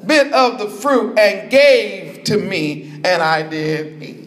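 A man's voice: high voice, expressive, takes it slowly, fairly bright tone, echoey room, full character voice. A man voicing the first man as sheepish and defensive, blaming someone else.

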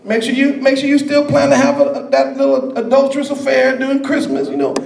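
A man preaching a sermon in a dramatic way, shouting at times and mocking the voices of others. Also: very high-pitched, animated, a little fast, vocal fry, reverberant.

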